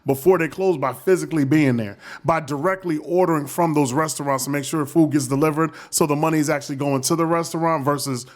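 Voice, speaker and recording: A man's voice: a little high, quick pace, few pauses. Emphatic, slangy male podcast co-host. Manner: emphatic, slangy, repeats words. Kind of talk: casual chat.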